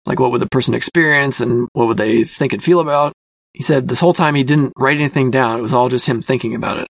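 A man's voice: mid-range voice, fast, vocal fry, no echo. Thoughtful, hedging man in a dry room. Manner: thoughtful, hedging, self-reflective with many fillers; describes himself as a quiet person. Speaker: podcast host reviewing a magazine. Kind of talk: casual spoken commentary.

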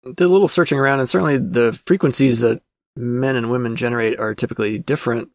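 A man's voice: medium pitch, fast, no echo, clean studio sound. A man hosting a casual podcast, reading through an old magazine and commenting as he thinks aloud, with plenty of fillers. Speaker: podcast host.

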